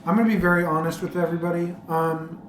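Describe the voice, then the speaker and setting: A woman's voice: lowish voice, steady tone, quick pace. A woman co-hosting a podcast in casual chat, teasing and joking with her friend. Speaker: podcast co-host. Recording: echoey room with faint background hum.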